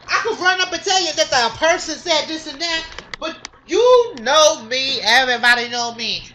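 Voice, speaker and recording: A woman's voice: high voice, lively intonation, normal speed, bright, forceful tone, a little hiss or hum. A woman vlogger delivering a sassy, profane comedic rant to the camera, swearing often and hammering her points with repeated questions.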